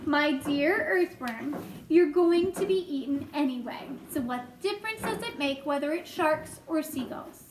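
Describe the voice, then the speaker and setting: Cheeky storybook centipede, voiced by a woman; jeering, high, echoey room. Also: lively intonation, unhurried, background noise. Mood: mocking. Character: mocking male centipede, cheeky.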